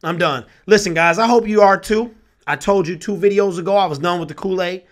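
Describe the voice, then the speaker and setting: A young man with a high voice delivers an exasperated sports rant. He talks with passion and repeats himself often, sounding thoroughly fed up. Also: fairly quick. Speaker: sports vlogger. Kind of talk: ranting sports commentary.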